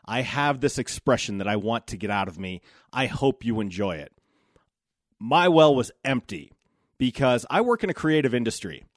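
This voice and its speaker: A man in his forties holds forth on his own podcast, candid and reflective, and he swears freely. His voice sits at an ordinary middle pitch. The recording is close and dry, with no room sound. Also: no room sound. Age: 40s. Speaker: podcast host. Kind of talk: solo podcast monologue.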